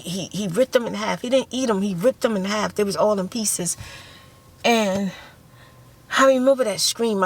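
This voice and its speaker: A woman recounting a frightening memory in casual, heartfelt speech. She talks at a middling pitch, repeats herself and breaks into acted-out screams and quotes. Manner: emotional, repeats phrases, acts out screams and quotes. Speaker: ASMR vlogger. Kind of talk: casual storytelling.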